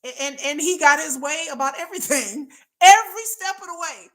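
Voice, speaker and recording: A middle-aged woman hosting a livestream, chatting casually and acting out quoted lines in a lowered voice. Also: a little fast. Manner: animated, acts out quotes in lowered voice. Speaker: livestream host. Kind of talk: casual storytelling chat.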